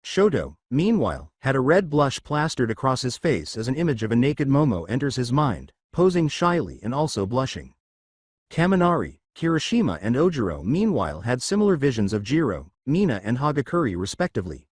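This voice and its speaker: Man narrating fan fiction, lively pitch. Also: fairly quick, husky, no room sound, clean studio sound. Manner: steady storybook narration. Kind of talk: fan fiction story reading.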